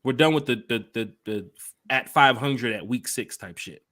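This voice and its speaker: Guy hosting a fan podcast, bright punchy voice, loud and hyped. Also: mid-range voice, normal speed. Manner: loud, hyped, talks to the live chat. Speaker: podcast host. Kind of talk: casual fan podcast chat.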